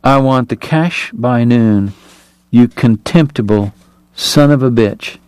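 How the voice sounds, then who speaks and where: A man's voice: mid-range voice, slow, a little mellow, clear, resonant tone, no room sound, lightly acted. A man voicing a hard, cold card player who speaks in a clipped, unyielding way. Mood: cold, menacing.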